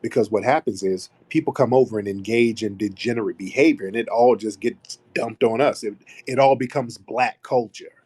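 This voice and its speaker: Guy hosting an audio chat room, kinda low and husky, emphatic, keeps repeating his lines. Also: moderate pace, darkish tone. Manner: emphatic, repeats key phrases like a refrain. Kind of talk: monologue to a live audio room.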